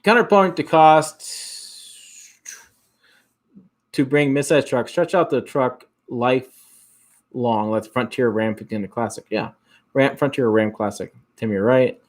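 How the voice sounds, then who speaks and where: A man's voice: mid-range voice, slow, pauses often. A man from Michigan with an Upper Midwest accent hosting a casual livestream, reading out viewer comments in a rambling way with frequent restarts. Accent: Upper Midwest American. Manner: rambling, repeats and restarts words, chuckles often. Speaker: host.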